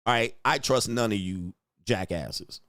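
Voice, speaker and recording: A middle-aged man hosting a livestream, ranting in a profane, animated way with slang and frequent laughs. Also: on the low side, unhurried, dry recording, studio quality. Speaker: livestream host answering superchats. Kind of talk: casual livestream rant.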